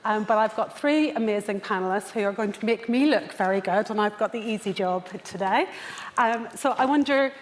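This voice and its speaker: A woman's voice: medium pitch, brisk, a little hiss or hum. A woman with a Northern Irish accent moderating a conference panel in a joking, self-deprecating way.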